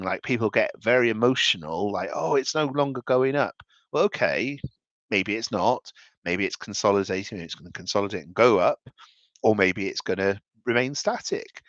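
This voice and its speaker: Low-voiced man musing on markets. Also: a bit bright, no echo, muffled recording. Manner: rambling, thinking aloud with frequent restarts. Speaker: investment commentator. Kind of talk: casual market commentary over charts.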